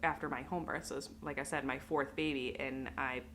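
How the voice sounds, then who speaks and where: A woman's voice: extremely low pitch, fairly even intonation, a little fast, a bit bright, a little hiss or hum. A woman vlogger telling her own story to the camera, candid and emotional, with lots of fillers.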